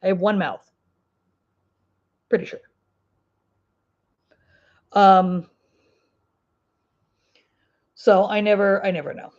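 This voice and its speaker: A woman's voice: medium pitch, fairly even intonation, slow, pauses often, lo-fi sound. Chatty woman with an Ozark twang. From Ozark Mountains, US. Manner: chatty and rambling, with many fillers and laughs. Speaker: crafting livestream host. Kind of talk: casual livestream chat answering viewer comments.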